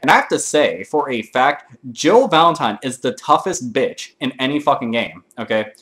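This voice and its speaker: A man hosting his own gaming video, ranting casually to camera with constant swearing and excitable outbursts. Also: medium pitch, moderate pace.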